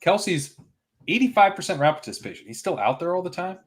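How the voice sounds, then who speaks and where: A man's voice: high-pitched, very animated, a little fast. A man on a casual fantasy football podcast, a chatty storyteller who quotes himself and laughs easily.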